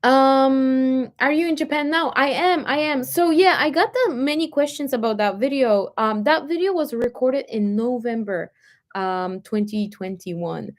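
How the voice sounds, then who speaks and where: A woman's voice: sits high, measured pace. A young woman from Poland speaking English with a light Polish accent, chatting casually with viewers and answering their comments, with many fillers. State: dry throat, coughing. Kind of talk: casual chat.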